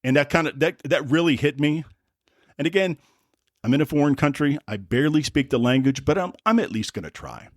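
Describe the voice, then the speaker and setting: A man's voice: a little high, animated, fairly quick, no echo, clean studio sound. A man from the United States hosting a podcast, telling a travel story in a casual, rambling way with wry asides and self-corrections. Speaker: podcast host.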